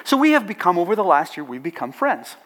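A man's voice: high-pitched, big pitch swings, quick pace, a bit bright. A middle-aged man who leads a chaplaincy organization, telling an anecdote to an audience with playful asides. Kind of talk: storytelling talk to an audience.

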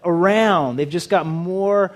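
A man's voice: high voice, slow pace. A man preaching a sermon in a humorous, conversational way, acting out little dialogues with the audience. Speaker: pastor.

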